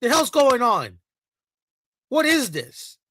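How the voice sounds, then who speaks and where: Profane ranting man, sharp bright voice. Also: extremely high pitch, very animated, slow, a little hiss or hum, poor audio. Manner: heated, profane, repetitive ranting; mocking, sarcastic asides. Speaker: commentator. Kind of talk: reaction commentary rant.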